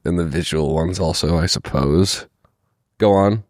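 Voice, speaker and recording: A man hosting a podcast, chatting casually in a dry, deadpan way and swearing freely. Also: sits low, unhurried, no echo. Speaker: podcast host. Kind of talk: casual chat.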